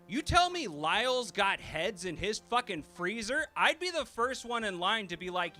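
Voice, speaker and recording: Bright-voiced ranting man doing stand-up. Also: high voice, very animated, measured pace, hardly any pauses, soft background music. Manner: profane, ranting, incredulous. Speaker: stand-up comedian. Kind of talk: stand-up comedy routine.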